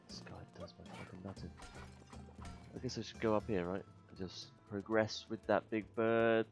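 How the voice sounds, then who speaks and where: A man commentating his gameplay, muttering to himself between loud, swearing outbursts, a little tired. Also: lowish voice, steady tone, normal speed, creaky. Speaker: gaming video host. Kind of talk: let's play commentary. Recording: faint game music behind.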